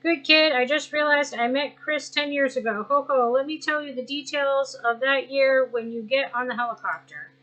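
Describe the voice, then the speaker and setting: A woman's voice: sits high, steady tone, normal speed, hardly any pauses, bright, forceful tone, low-quality recording. Woman doing a chuckling jolly old bird boss. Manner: chuckles "ho ho" often, rambling.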